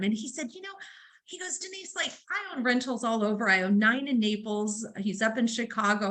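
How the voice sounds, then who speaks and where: A woman's voice: on the high side, a bit bright, low-quality recording. A woman leading a real estate training session, telling a story and acting out both sides of a conversation. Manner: storytelling, acts out dialogue; conversational, uses fillers like um and right. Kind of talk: training seminar talk.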